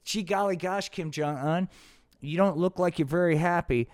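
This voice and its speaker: A man's voice: high-pitched, normal speed, no room sound, studio quality, close to an everyday voice. A man voicing a wholesome, naive male puppet with prim, wide-eyed exclamations.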